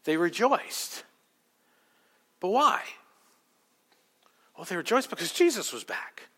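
A man's voice: high-pitched, big pitch swings, slow, pushed and bright, husky, in a large hall. A man preaching a sermon as a pastor, teaching through a passage and asking rhetorical questions.

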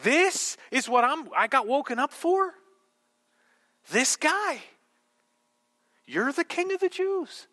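A man's voice: extremely high pitch, sing-song, fairly quick, hardly any pauses, bright, forceful tone, no room sound, pitched above the performer's own voice, heavily acted. A male preacher voicing a condescending Roman governor who scoffs through rhetorical questions. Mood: scornful.

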